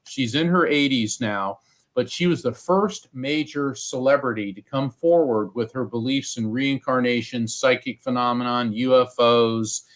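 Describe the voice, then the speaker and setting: Male guest, mid-pitched, chatty storyteller who slips into quoted voices. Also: measured pace. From United States. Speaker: psychic medium guest. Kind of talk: storytelling interview.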